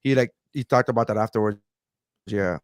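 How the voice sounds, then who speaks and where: A man's voice: fairly low pitch, fairly quick, dry recording, studio quality. A man who is a comedian and podcast co-host, speaking bluntly and profanely in casual chat.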